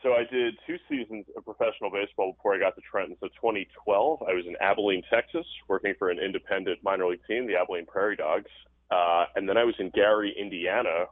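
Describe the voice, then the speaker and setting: An upbeat, easygoing man who works as a baseball broadcaster, talking on a tinny phone line. His voice sits a little low. He calls in from a stadium press box, and the sound is dry. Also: fast, no echo. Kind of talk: casual interview over the phone.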